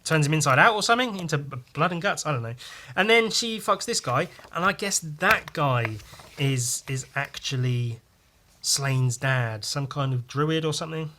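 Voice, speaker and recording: A man's voice: on the high side, lively intonation, moderate pace, pushed and bright. A man hosting a podcast, paging through a comic with casual, profane, rambling and jokey commentary. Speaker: podcast host.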